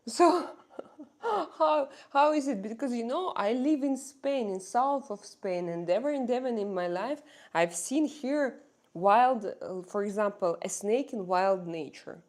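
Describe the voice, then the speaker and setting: A woman's voice: medium pitch, a little mellow. A woman chatting casually on a daily live stream, asking her viewers question after question in non-native English.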